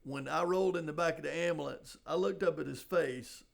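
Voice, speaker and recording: An older man, a police sergeant, telling a personal story in a halting, conversational way, full of "you know". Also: fairly high pitch, vocal fry. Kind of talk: storytelling in a podcast interview.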